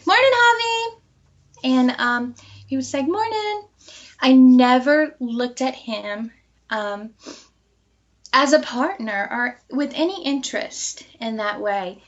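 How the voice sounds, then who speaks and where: A woman being interviewed, telling a personal story and acting out quoted dialogue with lively energy. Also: high-pitched, dull audio. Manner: animated, acts out quoted dialogue.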